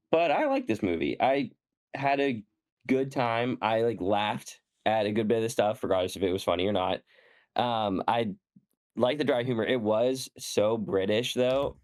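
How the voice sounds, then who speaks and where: Low-voiced man chatting hesitantly. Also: a little mellow. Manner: hesitant, many "um"s, easygoing. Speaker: podcast co-host. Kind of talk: casual chat.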